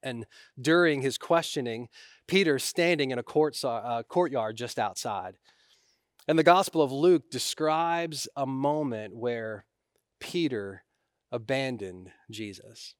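A man's voice: mid-range voice, takes it slowly, dry recording. Earnest male preacher, dry close sound. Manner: earnest, rising in force on key lines and dropping to a hush. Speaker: pastor. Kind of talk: sermon.

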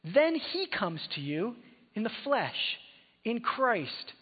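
A male pastor preaching a sermon in a conversational way, moving between soft, reflective passages and emphatic exhortation, in a large church hall. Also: high-pitched, big pitch swings, slow pace, breathy edge. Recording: phone-like sound in a hall with long reverb.

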